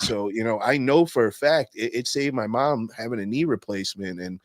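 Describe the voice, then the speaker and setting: A man's voice: lowish voice, moderate pace, few pauses, no echo. A man hosting a podcast, telling stories in a loose, slangy way with lots of swearing. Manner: loose, profane storytelling with slang. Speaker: podcast host. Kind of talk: casual podcast chat.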